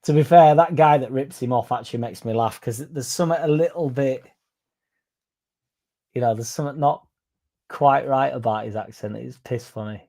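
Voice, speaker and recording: Bloke on a fan stream, warm mellow voice, rambles and swears reading the chat. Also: male voice, mid-range voice, normal speed, creaky. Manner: rambling, swears casually, reads viewer comments aloud. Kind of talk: casual live-stream chat.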